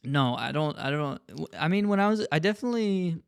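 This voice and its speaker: A man's voice: fairly high pitch, animated, brisk, gravelly, smooth, dry recording, clean studio sound. A young man co-hosting a podcast, chatting loosely, joking and swearing often. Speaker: podcast co-host. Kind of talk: casual chat.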